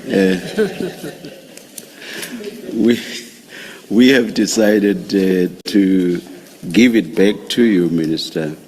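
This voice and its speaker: Deep, slow older man chairing a hearing. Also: darkish tone, low-quality recording. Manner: measured and formal, with hesitant pauses. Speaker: commission chair. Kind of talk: formal hearing ruling.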